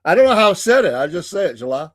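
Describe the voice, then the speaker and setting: A man's voice: sits high, sing-song, racing, a bit bright, dry recording, clean studio sound. A Southern American man hosting a morning livestream show, chatty and folksy, laughing often. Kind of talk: casual livestream chat. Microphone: streaming mic.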